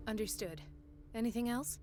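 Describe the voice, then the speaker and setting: A woman's voice: fairly high pitch, normal speed, warm tone, close to an everyday voice. A woman playing a weary, caring asylum doctor. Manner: earnest, troubled. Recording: game audio under music.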